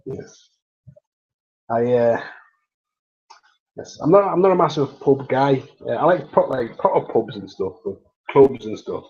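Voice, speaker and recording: A man's voice: medium pitch, normal speed, a little mellow, lo-fi sound. A man chatting casually and jokily on a livestream, rambling and laughing often. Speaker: livestream host.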